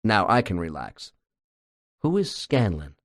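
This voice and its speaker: A man voices a patient hypnotherapist who asks steady, reassuring questions in a calm tone. The pitch moves in a lively way even when he is soothing. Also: a little slow.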